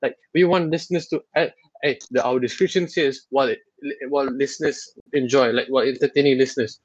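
A man hosting a podcast in casual chat, teasing and animated, with lots of fillers. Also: mid-range voice, quick pace, no room sound, muffled recording. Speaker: podcast host.

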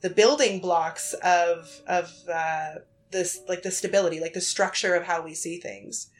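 A woman's voice: fairly low pitch, steady tone, unhurried, soft background music. Chatty Canadian woman podcaster. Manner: chatty, many fillers and restarts, laughs often. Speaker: podcast host. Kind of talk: casual conversation.

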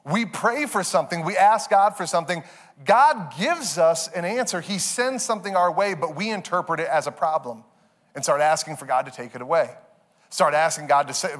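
A man's voice: on the high side, expressive, moderate pace, a bit bright. A male pastor preaching a sermon in a conversational way, repeating phrases and acting out little asides.

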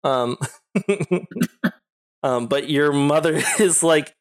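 A man's voice: fairly high pitch, very slow. A man narrating a tabletop game as game master, rambling with lots of "like" and frequent giggles. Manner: giggly, rambling with many likes.

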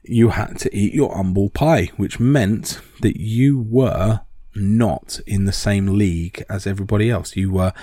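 A man's voice: on the low side, dark tone, dry recording, studio quality. A man explaining in a casual, rambling talk with many ums and restarts.

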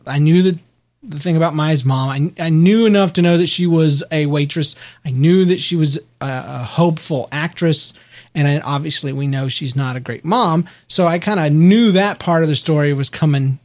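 Rambling, animated man podcaster. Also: a little high, brisk. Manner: rambling, animated, frequent restarts. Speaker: podcast co-host. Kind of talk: casual show recap chat.

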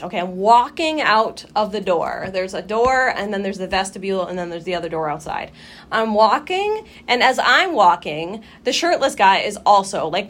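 A young woman co-hosting a podcast, telling a story in casual chat, animated, swearing freely and acting out her own reactions. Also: medium pitch. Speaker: podcast co-host.

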